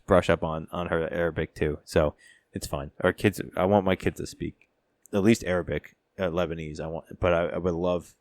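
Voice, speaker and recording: A man with a very deep voice talking in a casual podcast conversation. He rambles with fillers and restarts, and he states his views bluntly. His voice sounds dry and close-miked. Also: steady tone, moderate pace, dry recording. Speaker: podcast co-host. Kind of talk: casual chat.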